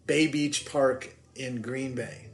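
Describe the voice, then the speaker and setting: Speaking slowly in a steady, mid-range voice, the host's father shares family anecdotes on her podcast, wandering off track, poking fun at himself, and frequently starting over in this relaxed chat.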